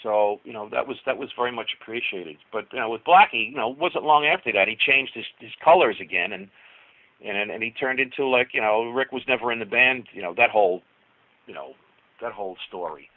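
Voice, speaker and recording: A man's voice: medium pitch, brisk, dry recording. A male musician guest telling a long rambling story over what sounds like a narrow, tinny phone line. The sound is dry and close, with many restarts and "you know"s as he goes. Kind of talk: casual storytelling.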